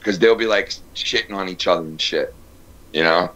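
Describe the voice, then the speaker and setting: A man's voice: deep voice, moderate pace, fairly bright tone. A man hosting a casual live show, rambling through crude stories and swearing constantly. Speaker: host. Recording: dull lo-fi stream audio.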